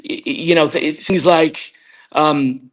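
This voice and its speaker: Slow, halting male podcast host. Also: on the high side, steady tone. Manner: measured, halting, with fillers. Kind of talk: podcast interview.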